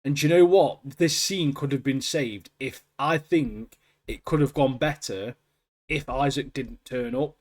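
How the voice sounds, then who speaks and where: A man's voice: mid-range voice, unhurried, a little mellow. A man, co-hosting a podcast in casual chat, laughing often and calling people mate. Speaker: podcast co-host.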